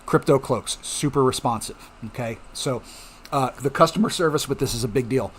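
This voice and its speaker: A man's voice: medium pitch, moderate pace, a little hiss or hum. Chatty man explaining things casually. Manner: chatty, reassuring, frequent "okay?" check-ins. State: coughing at times. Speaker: home mining channel host. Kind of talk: casual explanatory talk to viewers.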